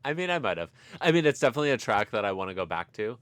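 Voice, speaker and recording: A man's voice: mid-range voice, big pitch swings, racing, a bit bright, no room sound. A young man co-hosting a sports podcast, laid-back, giving short agreeing replies in casual chat. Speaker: podcast co-host.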